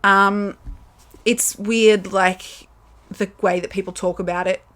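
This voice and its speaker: A woman's voice: medium pitch, fairly even intonation, takes it slowly, fairly bright tone. Candid chatty Australian woman podcasting. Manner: candid, chatty, lots of fillers, swearing. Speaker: podcast host. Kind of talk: casual solo podcast chat. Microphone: camera with built-in mic.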